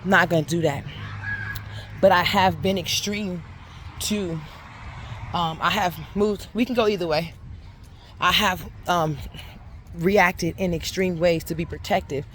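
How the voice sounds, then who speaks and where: A woman's voice: fairly low pitch, measured pace, long pauses, fairly bright tone. A woman tells a personal story in an earnest, conversational way. She rambles, backtracks and restarts her sentences as she talks. Faint traffic noise sits in the background. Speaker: faith vlogger. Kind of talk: casual spoken reflection and storytelling.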